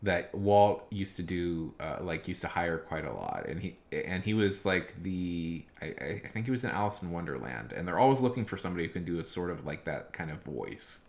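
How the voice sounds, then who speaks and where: A man's voice: low voice, lively intonation, a little fast, gravelly, hardly any pauses. A young man chatting casually on a live stream, rambling with frequent restarts and chuckles.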